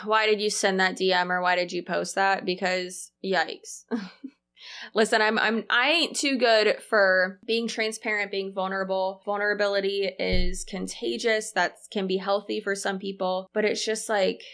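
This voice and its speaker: A woman's voice: mid-range voice, steady tone, a little slow, a bit bright. A woman hosting a reaction channel who comments bluntly and sarcastically on a clip.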